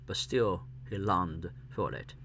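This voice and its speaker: A man reading a classic novel aloud as an audiobook, halting and stumbling over words now and then. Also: deep voice, a bit bright, slight background noise. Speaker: audiobook reader.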